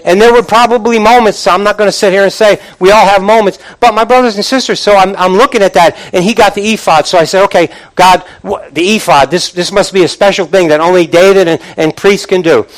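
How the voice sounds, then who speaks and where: Guy preaching a sermon with a pretty high voice, punchy and repetitive, asks the church questions a lot. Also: fast, hardly any pauses, poor audio. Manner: emphatic, repetitive preaching with sudden drops to a low, quiet voice; calls out to the congregation with questions.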